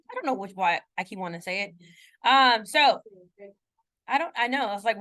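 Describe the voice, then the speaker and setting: At a moderate pace, a woman lectures a math class in a voice on the high side, expressive and a bit bright. She talks casually, keeps checking on her students, and makes self-mocking asides about her errors.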